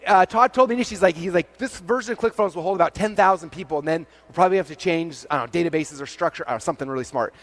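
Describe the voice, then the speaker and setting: Guy on a big stage telling stories super fast, voice a bit high, keeps doing little quotes of people, lots of "like". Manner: animated, acts out dialogue in quick quotes, frequent "like". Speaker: conference keynote speaker. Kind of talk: energetic stage storytelling. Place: large event stage before a live audience.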